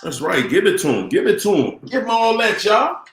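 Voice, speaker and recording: A man's voice: high voice, wildly swooping pitch, a little fast, fairly bright tone. A tired middle-aged man hosting a casual live stream, laid-back as he greets chat viewers by name. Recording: roomy echo with faint music.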